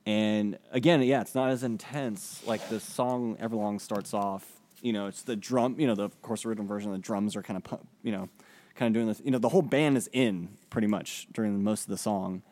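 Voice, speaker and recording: A fairly low, slightly mellow voice moves fairly quickly as this man co-hosts a podcast. He keeps the chat casual but hesitant, with lots of fillers.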